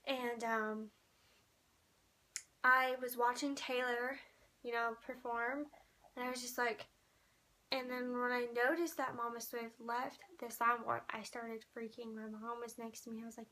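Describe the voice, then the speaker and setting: Gushing, bright-voiced young woman. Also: a little high, steady tone, normal speed. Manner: gushing, breathless and starstruck. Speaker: fan telling a concert story. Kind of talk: excited vlog storytelling.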